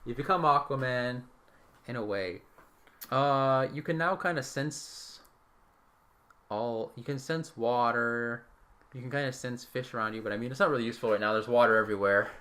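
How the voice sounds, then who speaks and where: A man's voice: medium pitch, normal speed, pushed and bright. A man acting as game master, narrating a tabletop game in a casual, offhand way.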